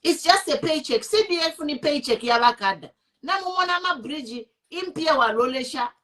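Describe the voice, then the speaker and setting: A woman's voice: high-pitched, animated, normal speed, fairly bright tone. A woman with a Zambian accent, hosting an online show and giving impassioned political commentary, indignant and switching between English and Bemba.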